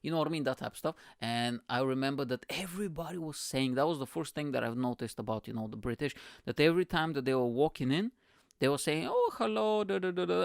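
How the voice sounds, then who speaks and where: A podcast host in his thirties who grew up in the Balkans talks through a funny story from his past. He swears freely and pokes fun at himself. His voice sits at an ordinary middle pitch, and the recording is dry with no room sound. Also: dry recording. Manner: playful, profane, self-mocking. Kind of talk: comedic storytelling monologue.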